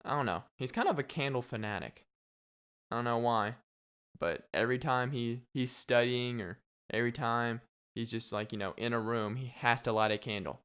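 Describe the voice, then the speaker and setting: Young male podcast host, smooth resonant voice, rambling jokey monologue, mid pitch. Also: normal speed, a bit bright. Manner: rambling, joking, laughs often. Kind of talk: casual solo podcast monologue.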